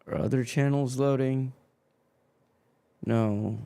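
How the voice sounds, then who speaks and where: A man's voice: medium pitch, fairly even intonation, takes it slowly, creaky, mellow, clear, resonant tone. A man hosting a live football watchalong stream, swearing and grumbling as his stream keeps freezing.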